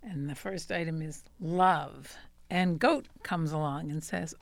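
A woman's voice: low voice, slow, vocal fry, no echo. A woman co-hosting a radio show, chatting and laughing as she reads comic strips and birthdays. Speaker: radio co-host. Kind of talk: casual radio chat reading comics.

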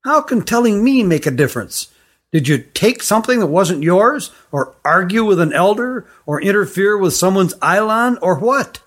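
A man's voice: high-pitched, animated, moderate pace, a bit bright, husky, pitched above the performer's own voice, full character voice. A man voicing an eager, curious young boy in a storybook reading, raising his voice well above his own. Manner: eager, questioning.

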